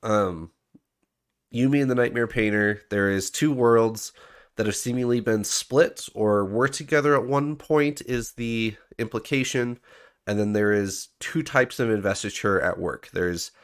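A man hosting a podcast, explaining points in a relaxed, conversational way. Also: fairly low pitch, a little slow, clear, resonant tone. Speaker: podcast host. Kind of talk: casual book discussion.

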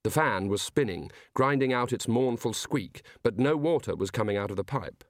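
A man reading a novel aloud as an audiobook narrator, in measured storytelling. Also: medium pitch, expressive, no room sound, studio quality. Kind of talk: scripted narration.

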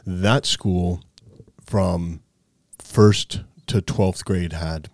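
Low-voiced montana guy, laid back podcast chat, dry close mic. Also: drawn-out words, no echo. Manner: storytelling, relaxed and conversational. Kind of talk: casual chat.

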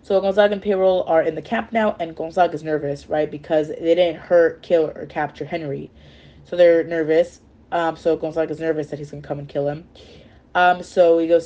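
A woman retells chapters of a novel in a loose, casual way. She rambles and keeps correcting herself. Her voice sits slightly low. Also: a little fast, warm tone, dull audio. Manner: rambling, with fillers and self-corrections. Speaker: storyteller.

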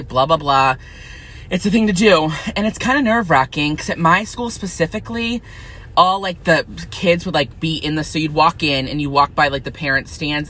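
Fiery, foul-mouthed young man ranting. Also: pushed and bright. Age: young adult. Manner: profane, fiery, swings into high shrill outbursts. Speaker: vlogger. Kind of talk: angry unfiltered rant to camera.

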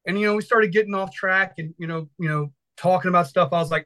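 A chatty Virginia man in his thirties rambles through a story with loose energy, swearing casually along the way. His high voice is bright and forward, and he sounds like a firefighter instructor talking on a podcast. He speaks quickly, and the recording is rough.

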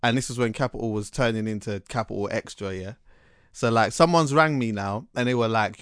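A man's voice: fairly low pitch, fairly quick, clean tone, no room sound, studio quality. A man, hosting a podcast and telling stories casually, full of slang and restarts. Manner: animated storyteller, London slang, lots of restarts. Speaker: podcast host. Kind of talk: casual chat.

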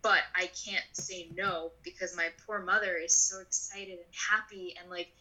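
A woman in her twenties telling a personal story in an interview, animated and full of "like", acting out the voices of people in her story. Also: lowish voice, moderate pace, poor audio. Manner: animated, acts out voices in quotes; filler-heavy, frequent "like". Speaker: guest.

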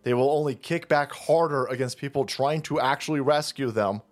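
A man's voice: mid-range voice, normal speed, soft background music. A man hosting a commentary show, ranting in a combative, mocking way and swearing constantly.

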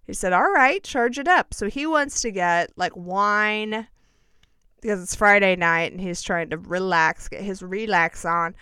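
A woman's voice: on the low side, a little slow, sharp tone, clean tone, no echo, clean studio sound. A woman telling a personal story in a casual, chatty way, full of self-mocking and dramatic asides.

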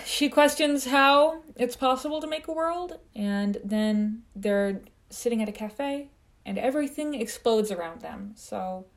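A woman with a Midwestern accent co-hosting a movie review podcast, chatty and joking as she recaps the plot. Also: mid-range voice. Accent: Midwestern American. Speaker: podcast co-host. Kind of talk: casual movie review chat.

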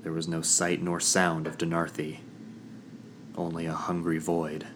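Deep-voiced male fantasy narrator. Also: monotone, a little hiss or hum. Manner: measured, dramatic storytelling. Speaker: audiobook narrator. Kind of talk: scripted first-person fantasy narration.

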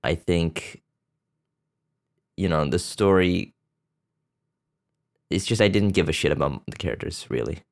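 Low, smooth-voiced man chatting crudely. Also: animated, a little slow, pauses often. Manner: rambling, loose, with many fillers and restarts; blunt and crude. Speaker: podcast host. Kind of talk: casual profane movie chat.

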